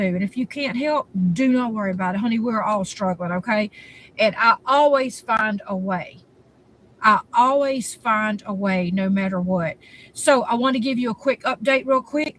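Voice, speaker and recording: Casual woman, pitched a bit high, chatty and repetitive, phone-recorded. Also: fairly bright tone, slight background noise, rough recording. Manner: rambling, chatty, repeats herself. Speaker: cat rescuer vlogger. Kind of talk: casual vlog update. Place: hot day, in or near her truck.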